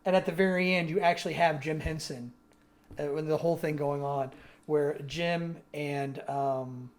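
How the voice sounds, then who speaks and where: Animated man chatting on a podcast. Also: fairly high pitch, normal speed. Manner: animated storytelling with acted-out quotes. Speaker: podcast co-host. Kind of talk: casual chat.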